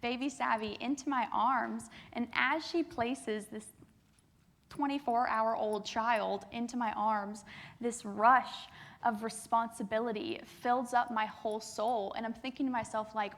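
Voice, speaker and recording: Bright-voiced young woman telling stories. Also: a little high, moderate pace. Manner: lively, animated storytelling with acted quotes. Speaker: keynote speaker. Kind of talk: storytelling speech to a youth assembly. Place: large assembly hall.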